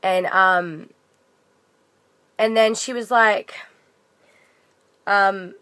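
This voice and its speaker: A woman's voice: medium pitch, steady tone, very slow, bright, forceful tone, smooth, no room sound. A young woman vlogger telling a story in a casual, rambling rant full of fillers and restarts.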